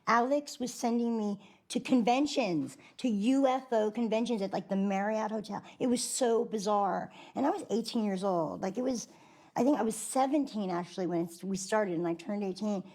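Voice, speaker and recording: A woman's voice: medium pitch, normal speed, darkish tone. A woman being interviewed, an actress chatting about a film role she played, with many likes and restarts. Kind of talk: interview reminiscence.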